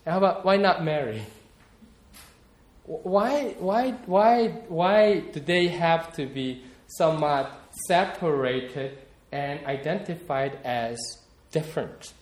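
A male pastor delivering a sermon at an unhurried pace, his voice sitting a little high for a man. He talks in a reflective, personal way, repeating words as he gathers his thoughts, and the room around him rings with echo. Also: darkish tone.

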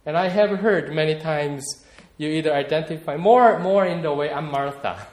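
A man's voice: on the high side, moderate pace, a little mellow, roomy sound. A man preaching a sermon, talking in a reflective, personal way and often repeating words as he searches for them. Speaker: pastor.

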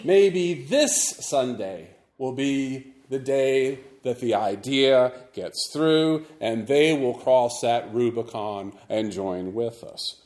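A man preaching a Sunday sermon as the church's pastor, measured and deliberate with touches of dry humor. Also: medium pitch, animated, darkish tone, roomy sound.

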